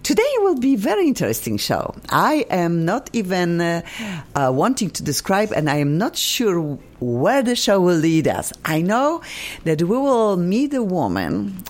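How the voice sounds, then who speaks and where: Effusive, animated woman radio host. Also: lowish voice, a little slow. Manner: excitable, effusive, broken English. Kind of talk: casual radio chat. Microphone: studio microphone.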